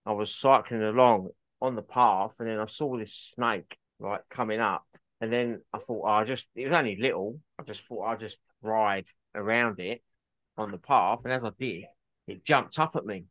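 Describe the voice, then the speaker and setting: A man's voice: on the low side, moderate pace, fairly bright tone, no room sound. A man co-hosting a podcast, chatting easily and often answering with short agreeing replies. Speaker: podcast co-host. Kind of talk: casual chat.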